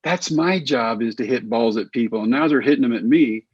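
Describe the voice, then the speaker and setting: Middle-aged texas guy spinning ball stories, bit raspy, dead dry room. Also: mid-range voice, fairly quick, no room sound, muffled recording. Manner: animated, acts out quoted voices. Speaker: guest, former baseball pitcher. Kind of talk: casual storytelling interview.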